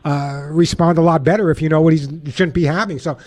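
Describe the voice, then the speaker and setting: A man with a New York accent hosting a call-in radio show, giving animated pet advice and acting out commands. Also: fairly high pitch, quick pace. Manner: animated, acts out dog commands. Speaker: radio host and pet behaviorist.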